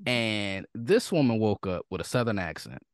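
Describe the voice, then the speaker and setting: A man's voice: fairly low pitch, animated, moderate pace, no room sound, clean studio sound. A man co-hosting a casual podcast chat, ranting bluntly and profanely for laughs. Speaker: podcast co-host.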